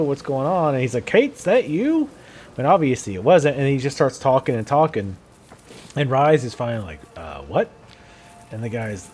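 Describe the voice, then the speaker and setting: A man's voice: medium pitch, a little mellow, slight background noise. A man chatting casually as he plays a video game, musing aloud and laughing often. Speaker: gameplay video host. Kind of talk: casual gameplay commentary.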